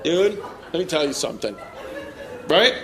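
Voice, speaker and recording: A man's voice: on the high side, big pitch swings, moderate pace. Brash male comic working a laughing crowd. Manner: brash, teasing, laughs at own jokes. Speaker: stand-up comedian. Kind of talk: crowd work stand-up. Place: club stage with live audience. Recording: live club audio with crowd and noise. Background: audience laughter.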